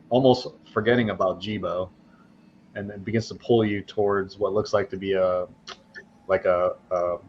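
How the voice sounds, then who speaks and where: Low-voiced man narrating a tabletop game. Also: lo-fi sound, slight background noise. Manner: loose, filler-heavy narration. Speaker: game master.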